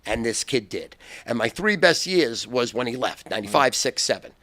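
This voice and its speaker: An older man telling wild stories as a podcast guest, loud and profane and laughing often. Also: medium pitch, lively intonation, moderate pace, no room sound. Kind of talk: boisterous storytelling.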